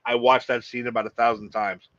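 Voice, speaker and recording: A man's voice: mid-range voice, level tone, brisk, a bit bright, no room sound, muffled recording. Blunt, profane male podcast co-host. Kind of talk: casual chat.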